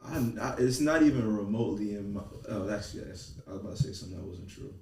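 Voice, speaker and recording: Male cohost, lively pitch, roomy echo, set back from the mic. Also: fast, distant mic, background noise. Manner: animated, swears freely. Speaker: podcast cohost. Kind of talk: casual chat.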